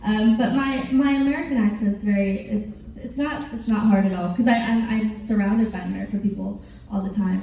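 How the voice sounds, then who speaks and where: A woman's voice: medium pitch, normal speed, warm tone. A teenage girl with an English accent answering fan questions at a convention panel, chatty and giggly, rambling with lots of fillers. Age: teens. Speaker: actress, panel guest. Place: large convention hall. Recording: echoey hall from far off, faint noise.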